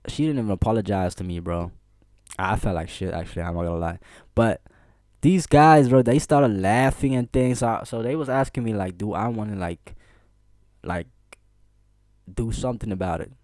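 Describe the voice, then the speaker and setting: Lively low-voiced storyteller. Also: male voice, normal speed, long pauses, dry recording, clean studio sound. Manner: animated, laughing, slangy, frequent "bro" and "see what I'm saying". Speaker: vlogger. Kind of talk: casual storytelling.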